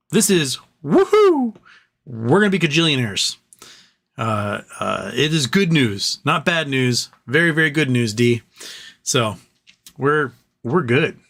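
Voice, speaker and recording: A man's voice: mid-range voice, pushed and bright. A man hosting a casual livestream, reading viewer messages aloud and joking and rambling between them. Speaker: livestream host reading super chats.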